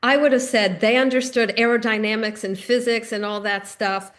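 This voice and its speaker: A woman's voice: fairly high pitch, fairly even intonation, normal speed, fairly bright tone. Earnest middle-aged woman speaker. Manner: earnest, personal storytelling. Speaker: recovery meeting speaker. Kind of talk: conversational recovery talk.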